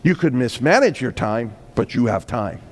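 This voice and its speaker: A man preaching a sermon as pastor, swelling from quiet, emphatic points into loud, urgent appeals. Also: mid-range voice, expressive. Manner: preaching with sudden swells of volume and emphatic slowdowns.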